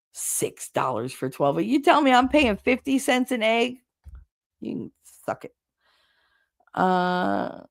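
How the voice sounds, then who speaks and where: A woman with a New Jersey accent hosting a casual livestream chat, chatty and blunt, her voice going hoarse from talking so long. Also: medium pitch. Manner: chatty, rambling, blunt with swearing. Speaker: livestream host reading chat.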